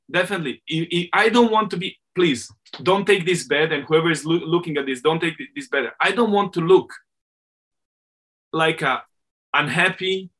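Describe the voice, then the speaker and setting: This middle-aged man, a swim coach, has a fairly high, sharp-toned voice. He's being interviewed in English, his second language, and speaks with candor and animation while correcting himself along the way.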